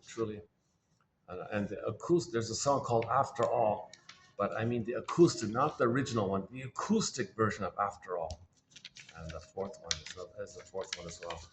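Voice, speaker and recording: A man's voice: on the low side, a little hiss or hum. A man hosting his own channel, talking through ideas in a casual, musing way, often restarting phrases and briefly acting out the people he describes. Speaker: host of a quotes channel. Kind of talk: casual spoken commentary.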